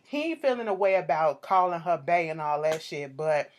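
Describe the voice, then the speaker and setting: A woman's voice: sits low, normal speed. A woman giving a sassy, profane recap of a reality show episode, acting out the cast's quarrels. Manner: animated, sassy, swears freely, acts out quotes.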